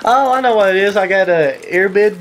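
A man from the Southern US with a Southern accent, giving casual, rambling voice-over commentary on his own gameplay, excitable and jokey with sarcastic asides. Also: sits high, brisk, a little hiss or hum. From Southern United States. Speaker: gaming commentator.

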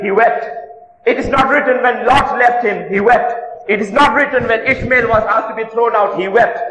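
A man's voice: sits high, sharp tone, dull audio, a little hiss or hum. A male pastor preaching a sermon in a church hall, emphatic, with rhetorical questions and repeated phrases. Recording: echoey church hall recording.

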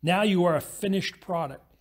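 A male pastor delivers a sermon in a high, husky voice. He slips into a brisk storytelling mode and speeds through the parable's voices.

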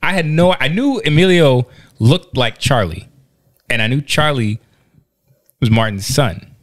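A man's voice: mid-range voice, animated, a little slow, fairly bright tone, dry recording, clean studio sound. A man in his thirties co-hosting a podcast in casual chat, teasing and making joking asides. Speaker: podcast co-host.

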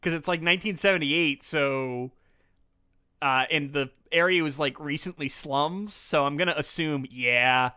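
Man, podcast host, bright tone, dry recording, casual rambling chat. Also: a little high, unhurried, smooth, dry recording. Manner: rambling, jokey, trails off into asides.

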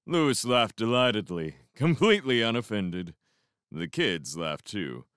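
Low-ish guy reading a book slowly, lots of ups and downs, dry sound. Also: clear, resonant tone, no room sound. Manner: slow, expressive first-person narration. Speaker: audiobook reader. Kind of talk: fan audiobook narration.

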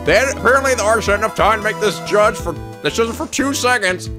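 A man doing loud, excitable gaming commentary, screaming, swearing and laughing at the game. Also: sits high, fast. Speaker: let's play commentator. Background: game music.

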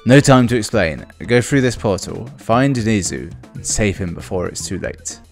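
A man's voice: lowish voice, expressive, moderate pace, creaky, faint music behind. A man voicing an old male kung fu master in a video game, reading the lines plainly with no accent. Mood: solemn.

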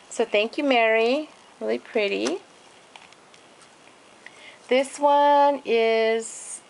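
In a low-quality home video, a woman with a medium-pitched voice casually shows off her craft pages, gushing over each piece. It's a relaxed show-and-tell, and she strings details together with "and then" and filler words.

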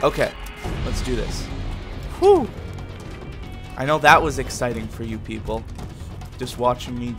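A man hosting a video game playthrough, reading out upgrade options and trash-talking enemies in an excitable way. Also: medium pitch, unhurried, pauses often. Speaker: gaming video host. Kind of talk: let's play commentary. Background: game music and gunfire.

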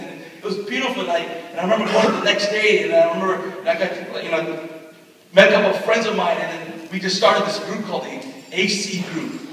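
Bright-voiced young man preaching in an echoey hall. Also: high voice, recorded from a distance, a little hiss or hum. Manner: storytelling with acted-out quotes; swings from loud excitement to hushed speech. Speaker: pastor. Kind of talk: sermon. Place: large hall at a retreat.

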